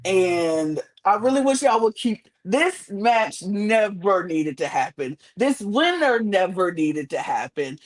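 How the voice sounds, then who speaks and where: A woman's voice: medium pitch, very animated, slow pace, hardly any pauses, rough recording. A woman co-hosting a podcast, ranting emphatically and indignantly in casual chat, repeating phrases for effect. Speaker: podcast co-host. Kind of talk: heated casual recap rant.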